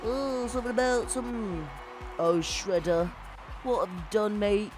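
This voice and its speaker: Aussie bloke with a high voice, rambling sweary banter, bit of game music behind. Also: male voice, a little slow. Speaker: podcast co-host. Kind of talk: casual gaming stream chat.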